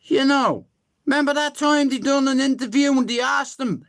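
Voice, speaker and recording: Man streaming live, profane mocking rants, drawn-out slow speech. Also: extremely high pitch, gravelly, fairly bright tone. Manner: crude, mocking, profane ranting.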